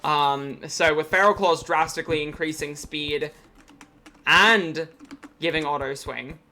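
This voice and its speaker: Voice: medium pitch, a little slow, bright, forceful tone. A streamer giving live gameplay commentary, chatty and rambling with frequent ums.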